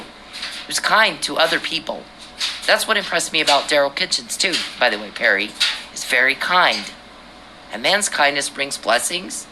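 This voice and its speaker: A woman's voice: sits low, expressive, fairly quick, background noise. A woman hosting her own podcast, talking straight at a man she accuses, confrontational and swearing. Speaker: podcast host. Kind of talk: angry personal monologue.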